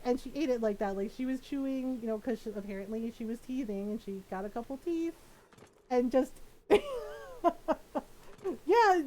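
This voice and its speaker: Middle-aged woman streamer, fairly high voice, loose rambling storyteller who laughs a lot and keeps checking "right?". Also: darkish tone, low-quality recording. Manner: rambling, filler-heavy, laughs often, tags "right?". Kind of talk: casual storytelling to stream chat.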